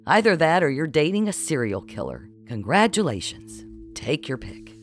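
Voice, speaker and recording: A man voicing a blunt, sarcastic, scolding middle-aged woman in an audiobook, forceful and bossy. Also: on the high side, very animated, normal speed, soft background music, voice pushed up. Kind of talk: audiobook character voice.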